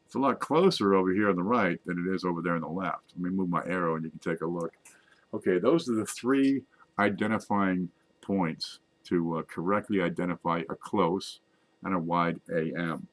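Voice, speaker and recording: A man's voice: low voice, normal speed. A man casually walking viewers through close-up coin images, chatty and self-mocking. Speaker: coin collecting video host. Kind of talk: casual screen-share show-and-tell.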